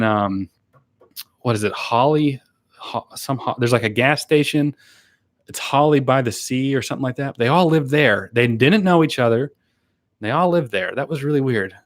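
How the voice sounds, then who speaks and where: A man chatting casually on a live stream, rambling with fillers and laughs, and earnestly thanking viewers. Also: medium pitch. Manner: earnest and grateful when thanking donors. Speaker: YouTuber hosting a live stream. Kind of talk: casual live-stream chat, reading and answering viewer comments.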